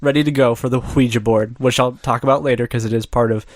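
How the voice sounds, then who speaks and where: A man's voice: mid-range voice, fairly even intonation, fast talker, no room sound, clean studio sound. A man co-hosting a comedy podcast, chatting casually and steering the topic with jokes. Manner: jokey, leads the topic. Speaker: podcast co-host. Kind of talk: casual chat.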